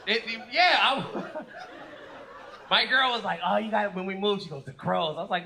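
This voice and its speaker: A man performing a stand-up comedy set, telling stories with lively acted-out quotes. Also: high voice, moderate pace, poor audio. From United States. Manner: animated storytelling with acted-out quotes. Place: comedy club stage with live audience. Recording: live club recording with audience noise.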